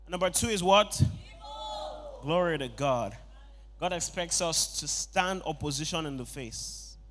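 A young man preaching a sermon, asking the congregation for answers and building up to loud shouted passages. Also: a little high. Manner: call-and-response, rising to shouts.

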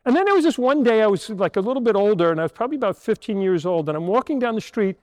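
A priest in his sixties preaches to children in a high, lively voice that swings up and down. He tells a story and keeps asking rhetorical questions. His voice carries a long church reverb. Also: very fast. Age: 60s. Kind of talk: homily to children.

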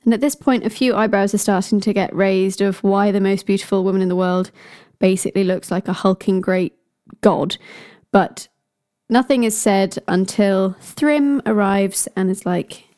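Woman storyteller, casual and chatty, cracks jokes as she goes. Mellow tone. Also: mid-range voice, steady tone, moderate pace. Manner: chatty, jokey asides. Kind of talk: casual retelling of a myth.

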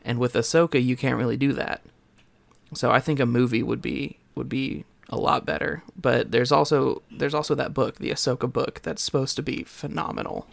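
A man's voice: medium pitch, level tone, normal speed, gravelly, no echo. A man co-hosting a casual podcast, thoughtful and explaining his views at length. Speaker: podcast co-host.

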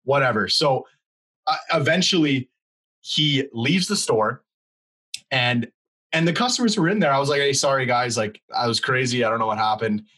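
The audio is poor as this young man, a podcast co-host, tells a story in casual talk. His voice is mid-range at normal speed, and he's animated, acting out each quote.

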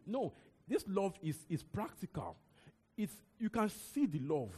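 Preaching in a big reverberant hall, this young Nigerian-accented man keeps things animated and chatty, circling back on words and dropping in side remarks. His voice sits high with a slightly rough grain, moving at a moderate pace.

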